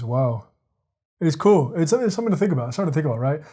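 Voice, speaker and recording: A man hosting a podcast, thinking out loud in a rambling casual monologue, repeating words and using lots of fillers. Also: mid-range voice, lively intonation, quick pace. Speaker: podcast host. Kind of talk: casual monologue, reading quotes aloud.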